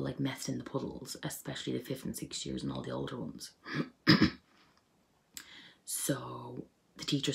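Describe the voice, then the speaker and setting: Young woman, casual storytelling, filler-heavy, laughing, creaky fry. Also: very deep voice. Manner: chatty, lots of fillers, laughs while telling stories. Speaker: vlogger.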